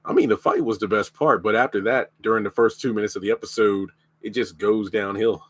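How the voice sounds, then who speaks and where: A man's voice: lowish voice, steady tone, fairly quick, a bit bright, slightly rough, dry recording. A man with a lingering cough, bluntly reviewing a TV show in a casual live stream. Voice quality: blunt, opinionated.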